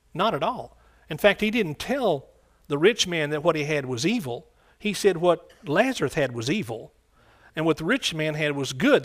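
A man preaching a sermon in a conversational way, often repeating phrases and asking the congregation questions. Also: fairly high pitch.

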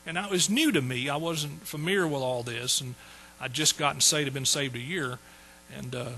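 A man's voice: mid-range voice, moderate pace, pushed and bright, a little hiss or hum, rough recording. A man in his sixties telling his conversion story in a folksy sermon, repeating phrases for emphasis. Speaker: preacher. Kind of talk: sermon testimony.

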